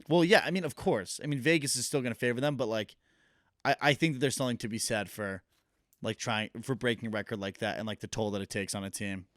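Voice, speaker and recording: A man's voice: medium pitch, quick pace, a bit bright, no room sound, studio quality. A young man co-hosting a casual podcast chat, laid-back and full of fillers. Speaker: podcast co-host.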